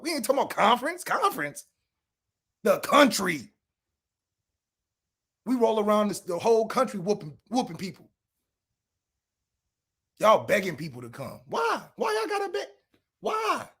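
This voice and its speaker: A man co-hosting a sports podcast, ranting and trash-talking with sarcastic rhetorical questions and sometimes shouting. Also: sits high, sing-song, normal speed, pauses often, breathy edge. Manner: shouts at peaks. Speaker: podcast co-host.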